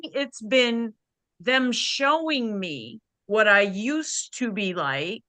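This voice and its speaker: A woman coach with a bright, crisp voice, talking at an unhurried pace as she shares candidly in a women's support circle. She speaks conversationally with plenty of "you know" and "like," close and dry over a video call. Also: fairly high pitch, no echo.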